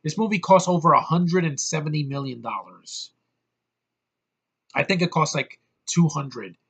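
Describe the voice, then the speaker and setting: A man's voice: a little high, a little slow, vocal fry, a bit bright, breathy edge. A man giving an exasperated, profane movie review rant, with heavy emphasis. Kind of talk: ranting movie review vlog.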